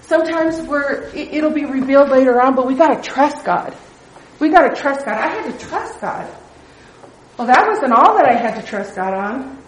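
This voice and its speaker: A woman's voice: high voice, animated, normal speed, a little hiss or hum. A middle-aged woman leading a Bible study, telling a personal testimony in an earnest, conversational way. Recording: echoey room.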